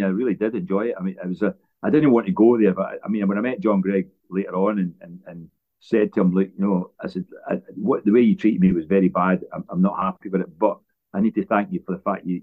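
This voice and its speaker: A Scottish former footballer tells long stories in a relaxed interview, often restarting his sentences as he goes. His voice sits very low. The sound is thin and phone-like. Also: quick pace. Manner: rambling anecdotes with frequent restarts. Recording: tinny phone-like line.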